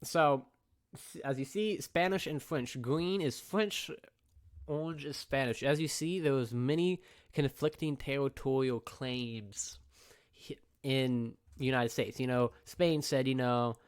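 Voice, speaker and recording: A man's voice: mid-range voice, unhurried, smooth. A young man, a teacher giving a recorded review lecture, laid-back and repetitive, often checking in with "okay?". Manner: casual, repeats points and checks in with "okay?".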